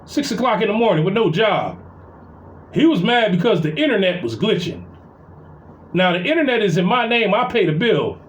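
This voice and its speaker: High-voiced man venting, cursing freely. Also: slight background noise, low-quality recording. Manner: profane, heated storytelling. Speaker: vlogger. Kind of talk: casual venting monologue.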